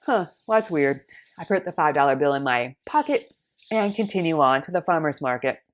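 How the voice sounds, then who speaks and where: A woman telling a personal faith story in an animated way, acting out the dialogue in different voices. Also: sits low, fairly quick.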